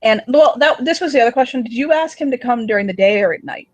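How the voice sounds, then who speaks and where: A man's voice: very high voice, animated, quick pace, dry recording. A man narrating as game master in a tabletop game, rambling with many fillers and casual swearing. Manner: rambling, lots of likes and ums, casual swearing.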